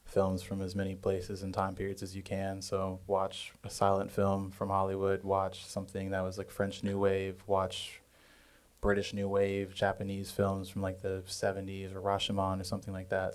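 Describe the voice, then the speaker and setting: A man on a cinematography panel, giving relaxed advice full of fillers. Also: deep voice. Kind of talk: casual panel talk.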